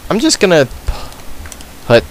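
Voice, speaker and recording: A man chatting casually over his own gameplay. His pitch swings up and down as he mutters sarcastic, self-mocking remarks. A faint steady hiss sits under the voice. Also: normal speed, rough recording. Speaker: let's play host. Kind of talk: casual gaming commentary.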